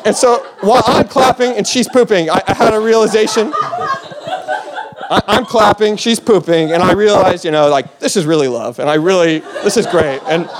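High-voiced young man telling a rambling story. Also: normal speed, crowd noise, noisy background. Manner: rambling, with many fillers and restarts, laughing as he tells it. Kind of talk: personal story told on stage.

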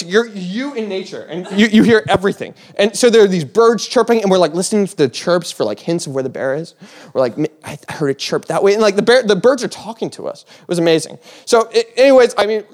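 High-voiced young man telling a rambling story. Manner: rambling, with many fillers and restarts, laughing as he tells it. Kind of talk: personal story told on stage.

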